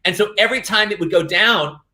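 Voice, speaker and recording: Man, comedy performer, theatrical, acts out his anecdotes, high voice, video call. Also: quick pace, pushed and bright. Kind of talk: casual chat, telling stage anecdotes.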